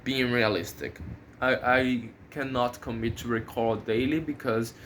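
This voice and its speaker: A man who is not a native English speaker talks unhurriedly to his own channel in a casual vlog. He pauses often and restarts his sentences as he thinks aloud. Faint background noise sits under the recording. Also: mid-range voice, steady tone, a bit bright. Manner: hesitant, many fillers and restarts, thinking aloud. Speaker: channel host.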